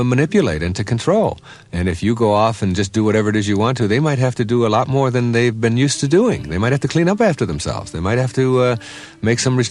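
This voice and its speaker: A man with a very low, deep voice delivers a motivational lecture as a spiritual teacher. He speaks in a measured, emphatic way and repeats phrases to drive his points home. Soft music plays faintly behind him.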